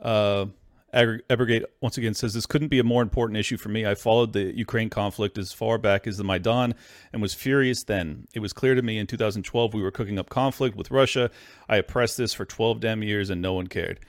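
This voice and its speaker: A man's voice: on the low side, fairly even intonation, fairly quick, dry recording, clean studio sound. A man hosting a podcast in casual chat, reading out listener comments in an easygoing way. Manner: easygoing, brief agreeing replies. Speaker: podcast host.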